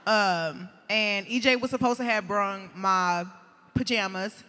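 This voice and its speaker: A woman guest telling animated, profane stories in a casual interview, laughing often. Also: medium pitch, unhurried, big-room sound. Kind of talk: casual storytelling.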